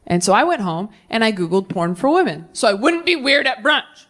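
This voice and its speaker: Lively stand-up comedian woman. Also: fairly high pitch, brisk. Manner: animated, jumps between mock voices for punchlines. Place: comedy stage with a live audience.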